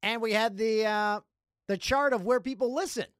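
A Canadian man hosting a casual solo podcast, jokey and animated, with loud playful outbursts. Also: sits high, moderate pace, clean tone, dry recording, clean studio sound. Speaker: podcast host.

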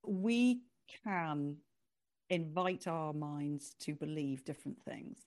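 A woman's voice: deep voice, slow. A woman, talking animatedly as an author guest in an interview. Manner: animated, expressive, laughs easily. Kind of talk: conversational interview.

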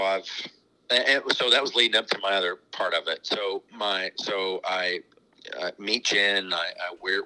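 A middle-aged man who owns a racetrack speaks in a deep, sharp-toned voice on a low-quality recording. During a casual interview he rambles through anecdotes, chuckling and restarting often.

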